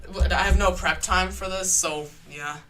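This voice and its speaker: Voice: mid-range voice, steady tone, normal speed, fairly bright tone, a little hiss or hum. A young adult co-host in a casual studio chat, joking and reading viewer comments aloud.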